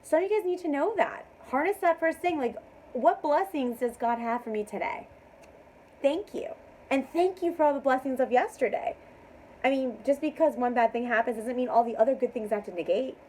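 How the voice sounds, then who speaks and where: A woman giving a casual tarot reading to camera, making emphatic affirmations, laughing often and sometimes dropping to a soft hush. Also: high voice, a little fast, slight background noise, poor audio. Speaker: tarot reader.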